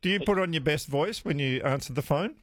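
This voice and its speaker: A man's voice: fairly high pitch, brisk. A man hosting talkback radio, chatting casually and musing aloud with listeners. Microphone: studio microphone.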